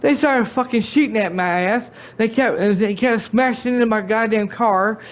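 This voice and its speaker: Angry man, high voice, stumbling. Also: moderate pace. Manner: angry, repetitive, stumbling restarts. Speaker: gaming channel host. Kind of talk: scolding rant to a friend.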